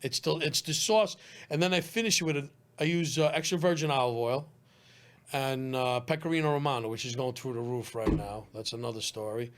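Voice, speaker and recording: A man's voice: mid-range voice, fairly even intonation, brisk. A middle-aged man with a Brooklyn accent, a pizzeria owner chatting casually in a brash, streetwise way and swearing freely. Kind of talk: casual chat.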